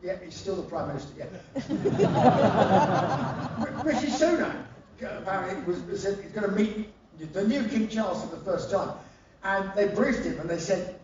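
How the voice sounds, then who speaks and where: High-voiced man telling stories in an echoing hall. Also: normal speed, a little hiss or hum. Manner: swearing, animated anecdote-telling. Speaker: rock singer giving a spoken-word show. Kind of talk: live comic storytelling. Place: live concert venue. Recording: roomy live hall, distant and dull.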